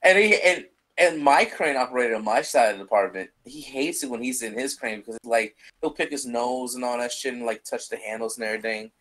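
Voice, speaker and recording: A man's voice: mid-range voice, brisk, few pauses, a bit bright, poor audio. Young guy podcast cohost, rambly, says "like" a lot, swears casual, mid voice. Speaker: podcast co-host. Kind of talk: casual chat.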